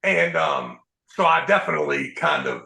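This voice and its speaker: A man hosting a podcast, telling profane, animated stories in casual chat. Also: medium pitch, normal speed, vocal fry, reverberant, poor audio. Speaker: podcast host.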